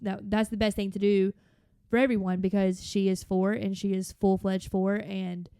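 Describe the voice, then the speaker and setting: A young woman, co-hosting a podcast in casual chat and telling stories in a lively way. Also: mid-range voice, normal speed, clean tone, dry recording, clean studio sound. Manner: chatty, animated storytelling with run-on asides. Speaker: podcast co-host.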